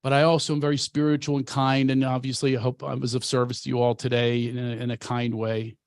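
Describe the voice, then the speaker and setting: A man's voice: mid-range voice, level tone, quick pace, dry recording. Man from Philadelphia, comic and coach, brash and preachy, dry close sound. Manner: brash, self-mocking, preachy. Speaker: comedian and coach. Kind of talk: casual storytelling chat.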